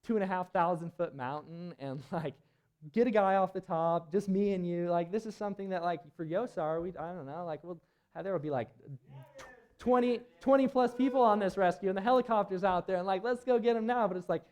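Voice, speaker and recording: High-voiced, brisk, and a little mellow, a young man presents at a climbing event, sharing a climbing story with an auditorium audience. His delivery is rambling and laughing, packed with filler words.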